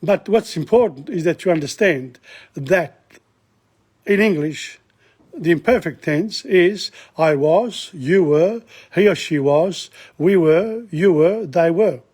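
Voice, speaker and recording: A man's voice: a little high, expressive, takes it slowly, a little mellow, breathy edge. An older man from Italy with an Italian accent, teaching a language lesson in a chatty, digressive way and reciting verb tables. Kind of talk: casual recorded lesson.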